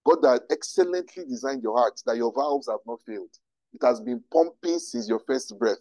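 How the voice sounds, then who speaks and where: A man, a pastor teaching to a live audience with animated rhetorical questions. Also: mid-range voice, moderate pace, gravelly, dry recording, rough recording. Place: room with an audience.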